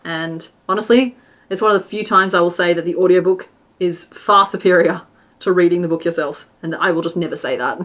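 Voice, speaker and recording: A crochet streamer and pattern designer talks in a fairly low, slightly bright voice while she crochets live. She chats and rambles, restarting sentences and counting stitches half under her breath.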